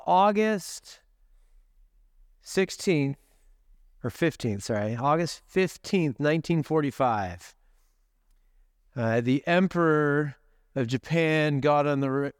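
High-voiced, conversational pastor preaching. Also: male voice, clean tone, dry recording, clean studio sound. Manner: conversational, storytelling, joking asides. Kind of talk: sermon. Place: church service.

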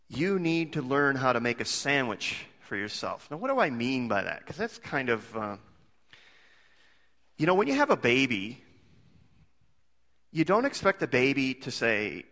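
A man's voice: medium pitch, big pitch swings, measured pace, long pauses, a bit bright, big-room sound. A male pastor preaching a sermon in a conversational way, full of rhetorical questions and homely jokes.

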